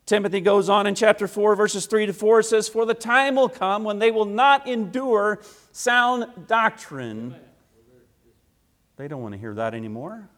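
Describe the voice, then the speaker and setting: A man preaching a sermon, emphatic and repetitive, firing rhetorical questions and swinging between loud declarations and quiet asides. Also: sits high, a little slow. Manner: emphatic, repeats key phrases for force.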